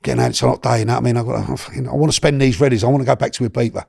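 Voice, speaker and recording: Middle-aged guest, gravelly, dark tone, animated storyteller with slang and restarts, dry close sound. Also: male voice, medium pitch, rapid-fire, no room sound. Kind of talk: storytelling in a podcast interview.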